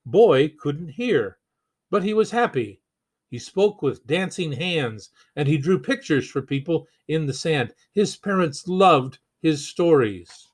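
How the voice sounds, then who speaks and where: A man, a pastor, reading a picture book aloud slowly and gently, with chatty asides to the children. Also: on the high side, lively intonation, slightly rough.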